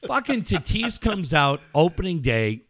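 A man in casual chat, telling a profane, animated story to a friend. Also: a little high, unhurried, no room sound. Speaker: podcast co-host telling a story.

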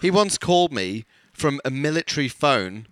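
A man's voice: medium pitch, very animated, moderate pace, no room sound. A man, a podcast guest, telling wild stories in casual chat and laughing as he goes.

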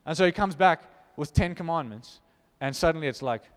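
A pastor with a high voice delivers a sermon to his congregation, moving from hushed, intimate passages to loud, fervent ones. He is expressive and a little fast. His voice rings through a big church hall with a long reverb tail.

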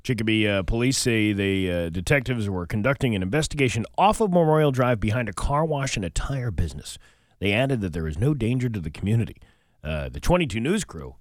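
A man's voice: lowish voice, big pitch swings, brisk, no room sound, studio quality. A man co-hosting a morning radio show, telling wry, joking stories and reading the news. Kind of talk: casual radio banter and newsreading. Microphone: studio microphone.

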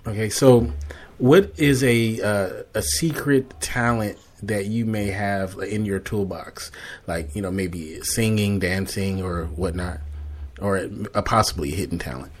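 A man hosting a casual interview, laughing often and talking in relaxed slang. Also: fairly low pitch, measured pace. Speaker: interviewer host.

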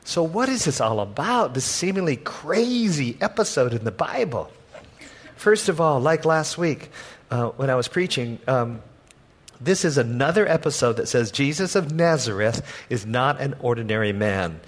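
A man preaching a sermon as pastor, telling the story in a lively way and acting out the people in it with humor. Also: a little high, a little slow, slightly rough. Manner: animated storytelling, acts out voices with humor.

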